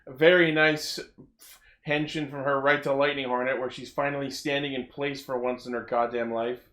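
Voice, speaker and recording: A man's voice: mid-range voice, level tone, moderate pace, a bit bright. A man co-hosting a casual podcast chat, wry and enthusiastic, swearing freely. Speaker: podcast co-host. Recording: roomy echoey mic.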